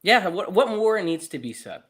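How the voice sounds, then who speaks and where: A man's voice: high voice, very animated, moderate pace, fairly bright tone, breathy edge. Upbeat, jokey male podcast co-host. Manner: upbeat, jokey, laughs often. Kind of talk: casual chat.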